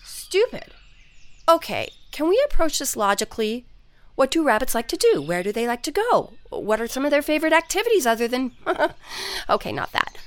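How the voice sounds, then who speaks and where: امرأة تؤدي دور أم مشتتة تعتذر لابنتيها، تتكلم بثرثرة متلهفة وهي تلهث في دراما صوتية. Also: female voice, sits high, very animated, moderate pace. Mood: eager. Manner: rambling, eager, self-deprecating. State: out of breath. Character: scattered, apologetic mother of two teen girls. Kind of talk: audio drama acting.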